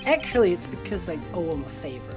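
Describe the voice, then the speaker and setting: A woman's voice: lowish voice, very animated, quick pace, music in the background. A woman voicing a nervous young male rookie lawyer in a game, speaking earnestly. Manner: earnest, slightly unsure.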